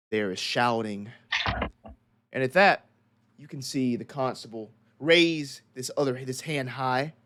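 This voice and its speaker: A man narrating a tabletop horror game as game master, in steady descriptive storytelling. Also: mid-range voice.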